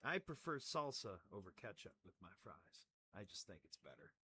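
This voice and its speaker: A man's voice: fairly low pitch, sing-song, normal speed, sharp tone, slight background noise. A man talking casually to the camera while he crafts, rambling and joking at his own expense. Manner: rambling, self-mocking, plays with words. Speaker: hobby crafter making model trees.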